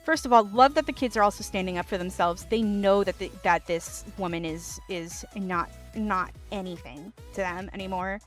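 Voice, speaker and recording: A woman streamer reading online stories aloud, with animated commentary and laughing asides. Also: mid-range voice, moderate pace, few pauses, soft background music.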